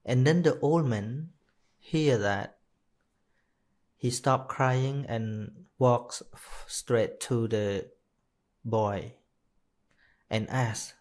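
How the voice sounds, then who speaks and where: Telling a teaching story in a live dharma talk, this Khmer-speaking monk sounds slow and hesitant, often restarting and correcting himself. His voice is medium-pitched and a little mellow.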